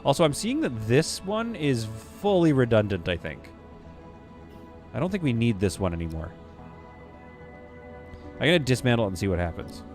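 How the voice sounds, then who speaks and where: A man's voice: mid-range voice, very animated, moderate pace, long pauses, darkish tone, soft background music. A man from western Canada livestreaming a space-building game, thinking aloud and chatting with viewers as he plays. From Vancouver, Canada. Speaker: streamer playing a space sim. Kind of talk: live gameplay commentary, chatting with viewers.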